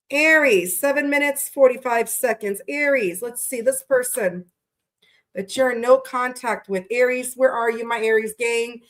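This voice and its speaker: A woman's voice: on the high side, moderate pace, fairly bright tone. A woman hosting a live tarot reading, chatting casually with viewers, greeting them by name and swearing freely. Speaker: tarot reader livestream host. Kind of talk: casual livestream chat.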